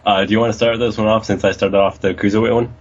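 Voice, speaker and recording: A man's voice: fairly low pitch, little pitch movement, quick pace, slightly rough. A young man co-hosting a casual wrestling review podcast, rambling and joking with plenty of swearing. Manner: rambling, jokey, profane. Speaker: podcast co-host. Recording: dull lo-fi recording.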